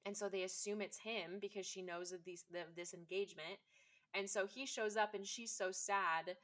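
A woman's voice: medium pitch, steady tone, normal speed, fairly bright tone. A woman chatting casually and enthusiastically, with lots of fillers. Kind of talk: casual chat.

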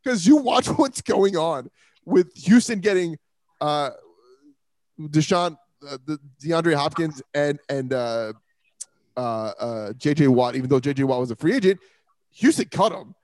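A man's voice: on the high side, lively intonation, measured pace, a little mellow, dry recording. A man hosting a casual sports talk show, joking and laughing often.

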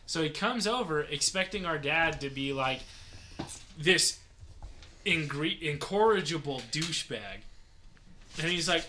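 Young male co-host, bright tone, faint background hiss, tells anecdotes with quoted voices. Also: fairly high pitch, lively intonation, a little slow, long pauses. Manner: storytelling, acts out quoted voices. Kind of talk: casual chat.

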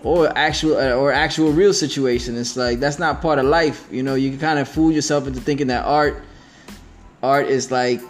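A man's voice: medium pitch, fairly even intonation, normal speed, faint music behind. A man hosting a casual podcast, talking in a laid-back, slangy way with lots of fillers while eating. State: talking with his mouth full. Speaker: podcast host. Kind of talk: casual chat.

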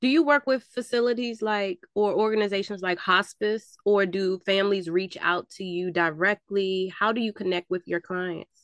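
A woman's voice: mid-range voice, steady tone, normal speed, hardly any pauses, fairly bright tone, no echo. Woman host asking direct questions. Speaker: podcast host. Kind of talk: interview questions.

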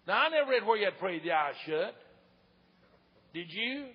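An older evangelist man with an East Tennessee Southern accent, preaching an old-time revival sermon in a folksy storytelling way that swells into shouts. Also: high-pitched, big pitch swings, normal speed, breathy edge. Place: church sanctuary. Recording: dull lo-fi church recording with long reverb.

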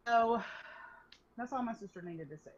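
A young woman casually telling an animated story to a friend, swearing freely. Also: a little high, normal speed. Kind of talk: casual chat. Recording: dull lo-fi recording.

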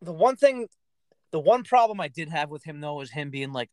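A man co-hosting a sports podcast, ranting in an animated, profane way. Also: fairly high pitch, normal speed, dry recording, rough recording. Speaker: podcast co-host. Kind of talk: casual sports chat.

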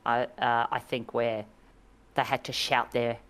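A woman's voice: very deep voice, flat delivery, measured pace, a bit bright, smooth. A woman co-hosting a casual video game podcast, wry and chatty, laughing often. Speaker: podcast co-host. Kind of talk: casual chat.

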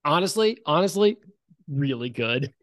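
A man's voice: a little high, expressive, a little slow, a bit bright, dry recording, studio quality. A man hosting a tabletop game podcast, upbeat, jokey and self-deprecating as he chats and reads ads. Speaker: podcast host and game master. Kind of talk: casual podcast chat and ad reads.

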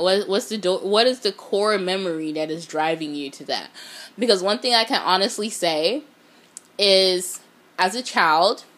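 A woman's voice: mid-range voice, fairly bright tone. A woman giving a blunt, profane motivational talk, speaking straight to her viewers. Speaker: motivational vlogger.

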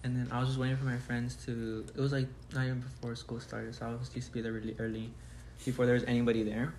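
Young male co-host, rapid casual delivery, hesitant, slight background noise. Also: medium pitch, monotone, a little mellow. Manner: hesitant, halting restarts. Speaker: podcast co-host. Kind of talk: casual chat.

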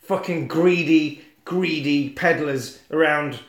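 A man's voice: fairly high pitch, slow pace, reverberant. A man, casually retelling a film plot and swearing, putting on silly voices as he goes. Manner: animated storyteller, swears, puts on silly voices. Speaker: podcast co-host.

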